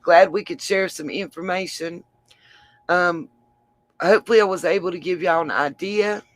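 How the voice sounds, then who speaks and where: A woman's voice: lowish voice, normal speed, no echo. Tired, chatty woman streamer. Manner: chatty, affectionate, calls viewers darling, laughs a lot. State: tired after a long stream. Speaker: livestream host. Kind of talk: casual livestream sign-off chat.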